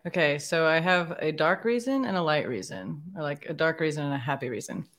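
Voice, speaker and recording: A woman guest on a casual panel chat, telling stories in a chatty, animated way. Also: low-pitched, fairly quick.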